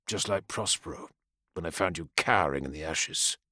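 A man voicing a scarred, rage-filled male warrior with a low, scornful taunting delivery in an audiobook. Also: moderate pace, bright, forceful tone, dry recording, studio quality.

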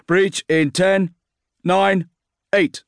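A man's voice: sits high, level tone, extremely slow, smooth, dry recording, studio quality, voice pushed up. A man barking as a curt marine commander. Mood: commanding. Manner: curt, shouting orders.

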